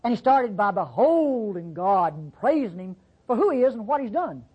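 A Bible teacher giving a folksy, conversational sermon-style lesson, acting out quotes with sudden pitch jumps. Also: sing-song, normal speed, darkish tone, husky, poor audio.

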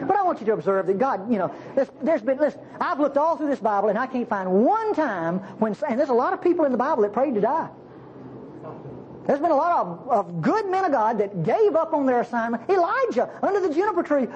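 A woman preaching a sermon in an animated, conversational way, asking the congregation questions. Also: high voice, a little fast, muffled recording, a little hiss or hum.

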